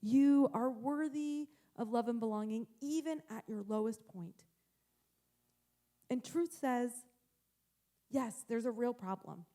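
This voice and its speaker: A woman's voice: fairly high pitch, slow, long pauses, dark tone. A woman pastor in her thirties giving a sermon, telling a family story earnestly and acting out the voices in it. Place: church.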